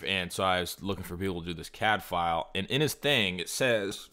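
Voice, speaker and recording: A male podcast co-host chatting casually and swearing his way through a rant. His voice sits a little low but rings bright and forceful. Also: a little fast. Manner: profane, ranting storyteller. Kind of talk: casual comedy podcast chat.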